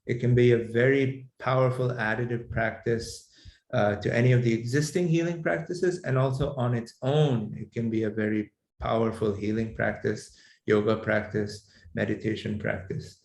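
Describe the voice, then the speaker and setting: A man teaching a class on mantra healing, explaining in a measured way with frequent fillers and restarts. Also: mid-range voice, steady tone, vocal fry. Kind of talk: lecturing to a class. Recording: echoey room sound.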